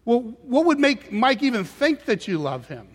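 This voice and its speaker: A man's voice: extremely high pitch, very animated, normal speed. A male pastor preaching a sermon with emphatic, repeated phrases. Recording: reverberant hall sound.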